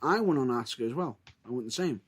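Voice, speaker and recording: A man co-hosting a casual podcast chat, retelling events in an excitable, animated way. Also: medium pitch, quick pace, slightly rough. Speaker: podcast co-host.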